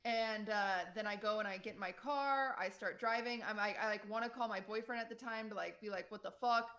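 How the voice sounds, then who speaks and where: A young woman streamer telling a personal story to her chat in a casual, animated way, full of fillers and quoted voices. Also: mid-range voice, brisk. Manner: animated retelling, quotes people, many "like" fillers.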